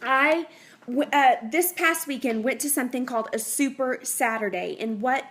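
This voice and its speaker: Young woman, health coach, slightly high voice; earnest, chatty, rambling, faith-centered. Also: moderate pace, a bit bright, slightly rough. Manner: earnest, rambling, faith-driven, with many fillers and restarts. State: pregnant. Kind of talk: casual unscripted talk to viewers.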